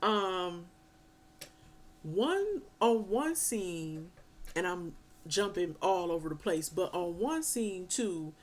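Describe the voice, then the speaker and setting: Woman reviewer, casual and animated, loose slangy storytelling. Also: lowish voice, slow. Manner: animated, slangy, swears and laughs. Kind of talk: casual film review chat.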